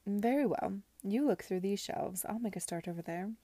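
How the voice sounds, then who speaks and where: A woman's voice: mid-range voice, normal speed, warm tone, no room sound, close to an everyday voice. A woman voicing a wary, reproachful young lady. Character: uneasy young lady questioning her brother.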